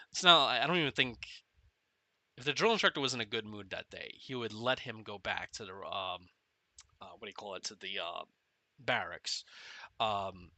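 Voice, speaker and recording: Rambling ex-Marine gamer in his forties, very sharp forceful voice, dry close sound, laughs through his war stories. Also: fairly low pitch, no room sound. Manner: rambling storytelling, often laughing, filler-heavy. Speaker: gameplay commentator and former Marine. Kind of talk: casual commentary while playing.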